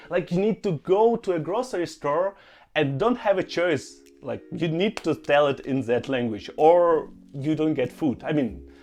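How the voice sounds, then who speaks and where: A man's voice: medium pitch, a little mellow. A young man, vlogging in a casual, conversational way, often saying "like" and "you know". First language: not English. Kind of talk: casual talk to camera.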